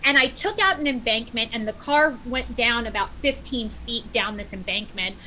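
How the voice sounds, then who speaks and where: Bright-voiced woman telling a story. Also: fairly high pitch, moderate pace, slight background noise, rough recording. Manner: animated storyteller, acts out quotes. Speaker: podcast guest. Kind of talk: casual storytelling.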